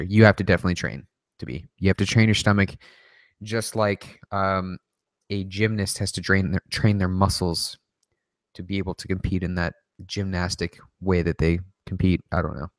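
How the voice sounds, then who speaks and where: Man, lowish voice, loose profane livestream host banter, dry close sound. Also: fairly even intonation, fairly quick, dry recording. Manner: joking, profane, rambling. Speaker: livestream host answering viewer questions. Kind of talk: casual rapid-fire Q&A livestream.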